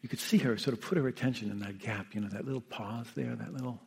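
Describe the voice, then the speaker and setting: A man, a meditation teacher who sat with the dying, gives an unhurried, reflective talk, often checking in with his listeners. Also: mid-range voice, vocal fry, breathy edge. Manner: gentle, unhurried, often asks "Yeah?" and "you know". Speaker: meditation teacher and hospice caregiver.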